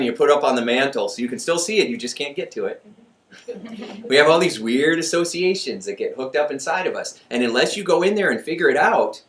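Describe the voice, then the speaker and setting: An animated man speaks as a motivational speaker, chatty and quick to laugh at his own jokes. His mid-range voice rings in a roomy space and is picked up from some distance away. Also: medium pitch. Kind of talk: motivational talk. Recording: echoey room, voice from far off.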